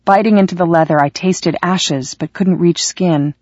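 Steady, dramatic male audiobook narrator. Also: high voice, moderate pace, no room sound. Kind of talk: first-person audiobook narration. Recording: dry, slightly muffled.

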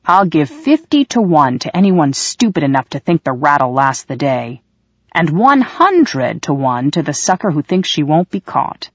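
A narrator putting on a sneering, taunting kitchen gossip who calls the odds on someone's failure, her voice dropping low and scornful. The read is dry and close with a slightly dull, muffled top end, like a plain audiobook recording. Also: big pitch swings, a little slow, slightly rough, dry recording, exaggerated voice. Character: mocking woman kitchen gossip taking bets. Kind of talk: audiobook character voice.

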